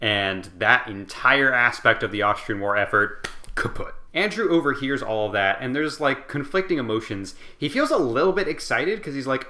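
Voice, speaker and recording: Bright, rambling tipsy man. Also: medium pitch, animated, normal speed, roomy sound. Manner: rambling, full of fillers and asides. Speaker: host. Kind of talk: casual comedic book recap.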